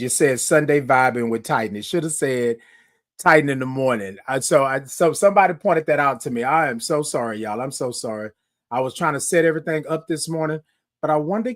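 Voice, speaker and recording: A man's voice: on the high side, a bit bright. A man hosting a live morning show, chatting casually with viewers, talking to them directly and often repeating himself. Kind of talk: casual livestream chat.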